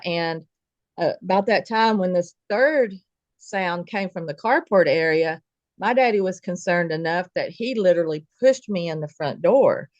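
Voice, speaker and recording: A woman's voice: lowish voice, dry recording. A woman tells a spooky personal story in a folksy, vivid way. The recording sounds dry and a little dull. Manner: vivid, folksy retelling with quoted dialogue. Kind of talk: personal story told casually.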